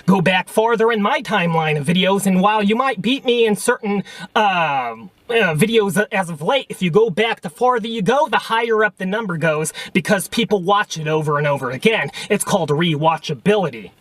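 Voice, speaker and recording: A man's voice: high-pitched, expressive, moderate pace, a bit bright, no room sound. A man delivering a combative, mocking rant at another video maker to his camera. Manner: combative, mocking, repeatedly says okay and pal. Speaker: vlogger. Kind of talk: ranting response video.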